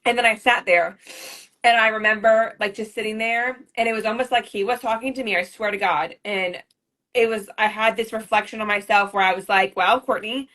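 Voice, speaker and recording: A woman's voice: mid-range voice, fairly even intonation, a little fast, bright, forceful tone. A woman in her thirties telling her story on a livestream, rambling and repeating herself as she gets emotional. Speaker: MLM leader on a livestream.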